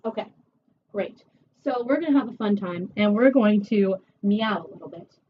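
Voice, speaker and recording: A woman voice teacher giving a one-on-one singing lesson, chatty and encouraging, her voice a little rough from a recent cold. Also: mid-range voice, moderate pace. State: recovering from a cold. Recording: distant, dull camera audio with faint hiss.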